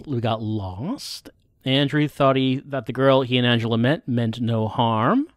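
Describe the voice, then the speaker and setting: A man's voice: medium pitch, unhurried, no room sound, clean studio sound. A man streaming a game, rambling through casual, self-deprecating jokes. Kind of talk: casual gameplay commentary.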